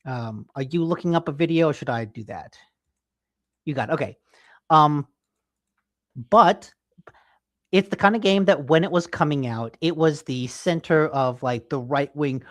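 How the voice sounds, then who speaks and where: A man's voice: a little high, animated, moderate pace, no echo. Male co-host, casual rambling chat, dry home mic. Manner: rambling, teasing, filler-heavy. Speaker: podcast co-host. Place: home office.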